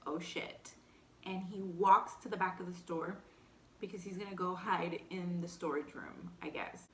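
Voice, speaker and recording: A young woman with a light Texan accent casually telling a personal story between bites, animated and candid, full of "like". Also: mid-range voice, roomy sound, a little hiss or hum. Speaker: vlogger. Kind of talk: storytime eating show chat.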